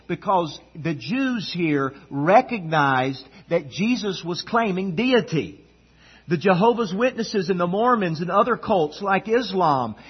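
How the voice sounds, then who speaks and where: Raspy high-voiced preacher, dramatic swings. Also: male voice. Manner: dramatic delivery, swinging between loud emphasis and hushed low tones. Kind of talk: sermon. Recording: dull lo-fi sound.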